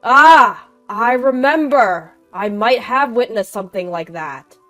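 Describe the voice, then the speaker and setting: A woman's voice: medium pitch, moderate pace, lightly acted. Woman voicing a thoughtful old grandfather. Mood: recalling. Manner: calm, thoughtful and pondering. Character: older grandfather, calm and thoughtful. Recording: faint background music.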